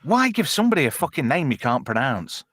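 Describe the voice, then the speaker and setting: Brash stream host, crude and mocking, lively swinging voice, dry close sound. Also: male voice, mid-range voice, fast, no echo. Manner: crude, swearing, teasing. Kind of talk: casual live-stream chat.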